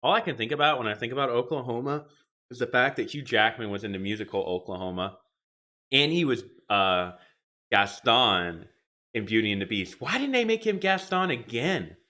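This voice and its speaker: A young man with a deep voice that has a bright, forceful edge, rambling through a casual live stream from his home gaming setup. He talks into a desk mic and drifts from one viewer comment to the next. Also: normal speed. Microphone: desk microphone.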